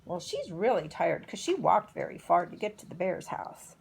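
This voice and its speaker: A middle-aged woman, a preschool teacher, slowly telling a story to toddlers. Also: lowish voice, vocal fry, a little hiss or hum. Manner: slow, expressive storytelling.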